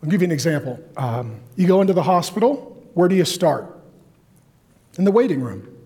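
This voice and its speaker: A man preaching a sermon in a lively, joking way, acting out complaining voices. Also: fairly high pitch, brisk. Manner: animated, jokey, acts out complaining voices. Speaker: pastor.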